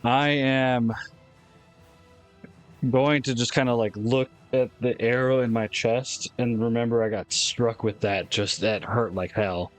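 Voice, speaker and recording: A man's voice: mid-range voice, fairly even intonation, measured pace, faint music behind. A man taking his turn as a player in a tabletop game, hesitantly describing his character's actions in first person.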